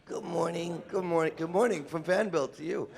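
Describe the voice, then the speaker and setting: A man's voice: a little high, a little fast, gravelly. A man talking to a convention panel audience, emotional and laughing, chatting with the crowd. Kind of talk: live convention panel talk.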